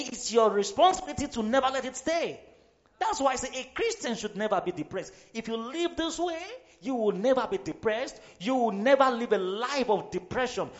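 A man from Nigeria preaching a sermon in a church, emphatic, sometimes shouting, often repeating his phrases. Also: very high voice. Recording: slightly dull recording with faint music behind.

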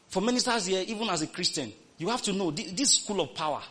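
A man preaching a sermon, repeating phrases and swinging from loud calls to hushed, quoted scripture. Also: high voice, lively intonation, quick pace, few pauses, husky.

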